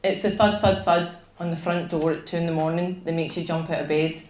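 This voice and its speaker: A woman with a Glaswegian accent reading her own short story aloud at a live event, unhurried and vivid. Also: low-pitched, fairly even intonation, darkish tone, a little hiss or hum. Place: bar venue, live event. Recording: echoey bar room.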